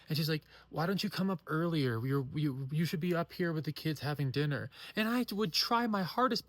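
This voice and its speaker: A woman sharing a painful personal story in an earnest, halting way, often restarting her sentences. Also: low voice, no echo. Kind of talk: emotional personal testimony.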